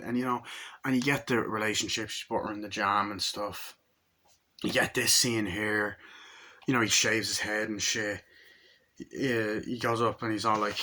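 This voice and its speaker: Young male reviewer, low bright voice, rambles and mimics film lines. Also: fairly even intonation, moderate pace. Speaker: movie reviewer. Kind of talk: casual movie review.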